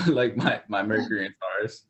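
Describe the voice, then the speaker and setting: A young man talking as a podcast guest in casual chat, slow, relaxed and laid-back. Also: fairly low pitch.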